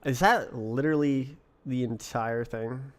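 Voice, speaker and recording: A young British man live-codes on stream at a measured pace in a mid-range voice. Casual and puzzled, he thinks aloud, muttering to himself between replies to his chat.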